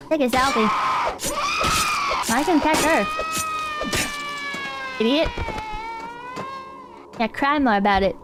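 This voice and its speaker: A young woman streams a video game and chats casually, tossing out sarcastic, rambling asides and mock insults. Her high, expressive voice is slow and raised, with frequent pauses. Background noise is clearly audible.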